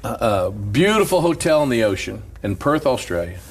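A middle-aged preacher, appearing as a talk show guest, tells a story in casual conversation, quoting the people involved. His voice is mid-range and slightly rough, at a moderate pace. He's an animated storyteller who laughs often.

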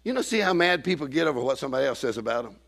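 A man preaching a sermon in church, acting out quoted people and swinging from shouting to hushed asides. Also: medium pitch, lively intonation, very fast, vocal fry.

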